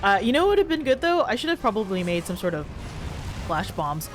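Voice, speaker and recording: A woman's voice: mid-range voice, big pitch swings, fairly quick, faint music behind. A woman streaming a video game live, chatting to her viewers and playfully whining and pleading at the game with frequent laughs. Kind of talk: live gameplay stream commentary.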